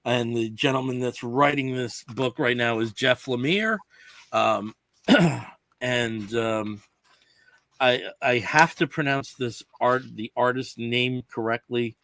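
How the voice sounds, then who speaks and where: A man's voice: mid-range voice, takes it slowly, fairly bright tone, no room sound. A man hosting a podcast in casual chat, explaining comic books at length with lots of "you know" fillers. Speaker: podcast host.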